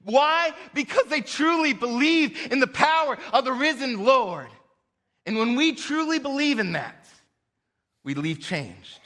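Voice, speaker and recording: Emphatic high-voiced pastor in a reverberant hall. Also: male voice, animated, measured pace, pushed and bright. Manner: emphatic, rising and dropping sharply in pitch and volume; laughs lightly between points. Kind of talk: sermon. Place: church sanctuary.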